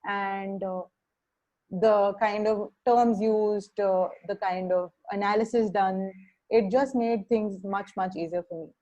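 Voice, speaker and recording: A woman's voice: medium pitch, fairly even intonation, warm tone, lo-fi sound. Hesitant Indian woman giving a webinar talk. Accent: Indian English. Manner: halting, many fillers and restarts. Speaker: webinar speaker, criminal justice social worker.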